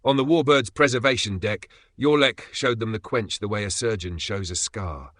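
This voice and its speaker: Man narrating an audiobook, bright and dry. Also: lowish voice, moderate pace, dry recording.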